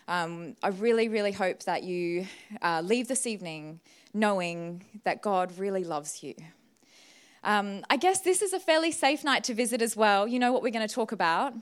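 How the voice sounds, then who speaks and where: Here a guest preacher, a young woman, speaks at a church service with warmth and candor, her emotion showing as she laughs at times and tears up at others. She has a fairly high, clear voice with a resonant tone.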